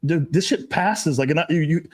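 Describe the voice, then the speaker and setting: A man hosts a casual podcast chat and tells stories in a crude, animated, freely profane way. His voice sits on the higher side for a man. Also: moderate pace. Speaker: podcast host.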